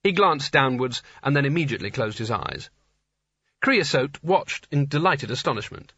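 A man reading a story aloud as an audiobook narrator, in a dry, even storytelling manner. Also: medium pitch, normal speed, husky, no echo. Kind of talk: scripted narration. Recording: slightly dull lo-fi recording.

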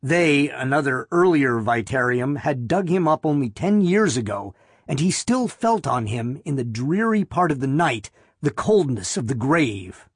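A man narrating a novel as an audiobook, in a measured, steady reading. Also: mid-range voice, slightly rough, dry recording, studio quality. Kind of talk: scripted narration.

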